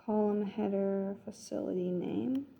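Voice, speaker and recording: The audio is dull in this screen-recorded coding walkthrough, where a female tutor reasons out loud through an exercise, corrects herself and murmurs code as she types. Her creaky, medium-pitched voice stays fairly even at a measured pace.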